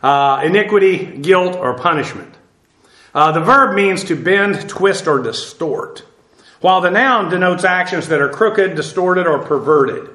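High-voiced man teaching a sermon, echoey. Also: expressive, unhurried, bright, forceful tone. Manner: plain conversational teaching with frequent fillers and restarts. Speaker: pastor.

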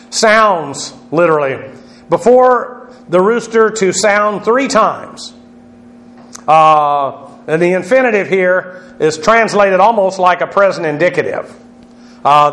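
A man's voice: a little high, fairly bright tone, roomy sound. A man teaching a Bible lesson on Greek word meanings, spelling words out letter by letter with frequent fillers.

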